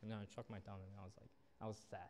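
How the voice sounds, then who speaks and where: Racing along in a fairly low, dark voice with little pitch movement, a young man preaches a sermon as a youth pastor. He acts out the people in his stories, and the hall's long reverb carries his words.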